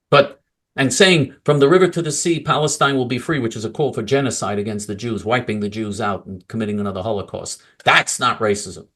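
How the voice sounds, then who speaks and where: A male political commentator ranting angrily and mockingly, swinging from loud outbursts to low mutters.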